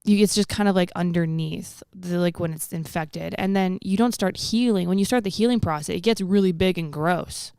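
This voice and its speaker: A woman's voice: on the low side, moderate pace, few pauses, a little mellow, smooth, no room sound, studio quality. A woman from the American South, a guest in a casual podcast chat, rambling and searching for her words. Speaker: guest, actress.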